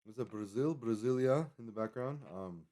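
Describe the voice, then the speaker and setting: A man's voice: mid-range voice, normal speed, mellow. A man livestreaming, rambling casually as he reads a web page aloud and stumbles over foreign names. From Colorado. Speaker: livestream host.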